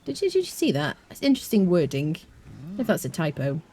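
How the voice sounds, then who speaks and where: Low-voiced, lively British woman streamer. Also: fast, slightly rough. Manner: chatty and rambling, many fillers, reads and answers chat. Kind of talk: casual live gameplay commentary.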